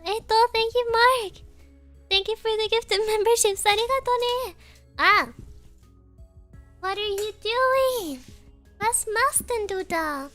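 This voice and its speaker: A woman's voice: extremely high pitch, takes it slowly, long pauses, fairly bright tone, soft background music. A young woman chatting casually on a stream, giggling often and coaxing her dog.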